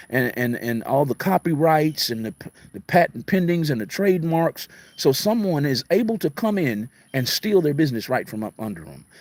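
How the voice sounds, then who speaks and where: A dry recording captures a middle-aged man's mid-range voice as he hosts a casual live talk. Replying to viewer comments like a radio host, he repeats himself and preaches emphatically in a mix of city and country speech.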